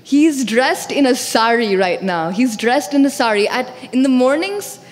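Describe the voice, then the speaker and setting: Animated woman telling a devotional story. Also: a little high, unhurried, in a large hall. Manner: animated, voices characters. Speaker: storyteller speaker. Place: temple hall.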